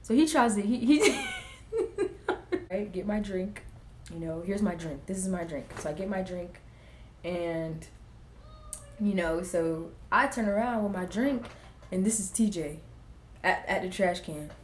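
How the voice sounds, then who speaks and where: A woman's voice: on the low side, a little slow, pauses often, slight background noise. A young woman, chatting casually in a get-ready-with-me vlog and acting out family members' lines as she tells the story. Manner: animated, acts out family members' lines in quotes. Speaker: vlogger. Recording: echoey room.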